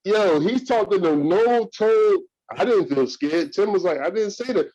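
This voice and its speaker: Animated high-voiced man co-host. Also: unhurried. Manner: animated, laughing, storytelling. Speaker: podcast co-host. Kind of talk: casual reaction chat. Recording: dull lo-fi sound.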